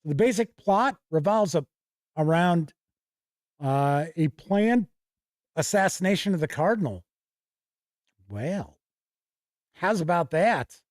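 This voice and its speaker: A middle-aged man hosts a casual stream, reading from books with frequent small self-corrections. His voice sits a little high for a man. The sound is dry and close. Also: expressive, takes it slowly, long pauses, dry recording. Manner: reads aloud from books, corrects himself. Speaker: host. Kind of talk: casual livestream review.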